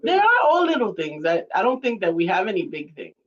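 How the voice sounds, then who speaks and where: A woman's voice: medium pitch, big pitch swings, a little fast, distant mic, lo-fi sound. Affirming woman, slightly off-mic. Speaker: co-host. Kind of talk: casual chat.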